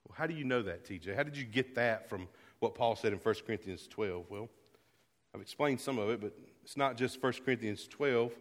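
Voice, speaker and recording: A man's voice: medium pitch, fairly quick. Man preaching a sermon in a hall. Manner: earnest, swings from hushed to loud. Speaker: pastor. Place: church sanctuary.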